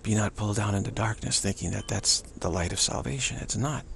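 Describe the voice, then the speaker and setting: A man's voice: on the low side, fairly quick, creaky, fairly bright tone, slight background noise. A man giving an unscripted spiritual teaching outdoors, rambling and repetitive, often restarting his sentences.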